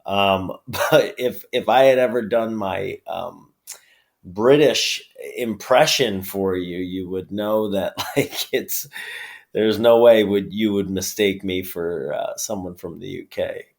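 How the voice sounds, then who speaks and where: A man from upstate New York with a New York accent, chatting casually as an interview guest, laughing often and filling pauses with ums. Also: low-pitched, creaky. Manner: relaxed, laughs often, many fillers. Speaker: guest, pro wrestler.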